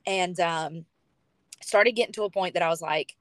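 A woman's voice: lowish voice, moderate pace, no echo. Chatty woman telling a story, dry sound. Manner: chatty, animated retelling with lots of fillers. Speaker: podcast guest. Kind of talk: casual storytelling.

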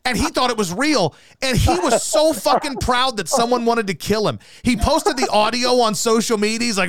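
Man, radio host, high gravelly voice, profane animated storytelling, dry close sound. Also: normal speed, few pauses, dry recording. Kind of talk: casual podcast chat.

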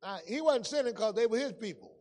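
Man, pastor, high voice, preaching, storytelling, loud then hushed, long church-hall reverb. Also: animated, quick pace. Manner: storytelling preacher, swings from loud to hushed, folksy Southern-style grammar. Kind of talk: sermon.

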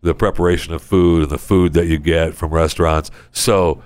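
A man's voice: fairly even intonation, moderate pace, darkish tone, clean tone. A man hosting a podcast in a studio, rambling sarcastically in a casual comedic monologue. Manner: rambling, sarcastic, acts out people in high voices. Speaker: podcast host. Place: recording studio.

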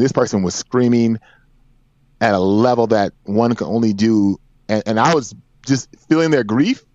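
On a podcast, a man in his forties relates a personal story in an earnest, emphatic manner, repeating phrases as he goes. His voice sits at medium pitch with a darkish tone. The audio is dry, without echo, and dull and lo-fi.

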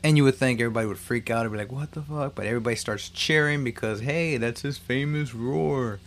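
A man's voice: mid-range voice, fast talker, slight background noise. Man swearing through a casual movie recap. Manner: loose, profane storytelling with frequent restarts.

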